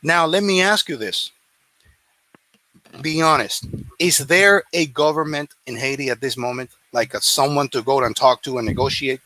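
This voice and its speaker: A man's voice: medium pitch, moderate pace, sharp tone, dry recording, poor audio. A man hosting a casual discussion, earnest and agreeable as he makes his points. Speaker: host.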